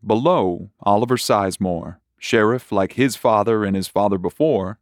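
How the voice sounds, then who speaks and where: A man reading a horror short story aloud in a measured, unhurried way. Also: lowish voice, no room sound, studio quality. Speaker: narrator. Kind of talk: scripted horror story narration.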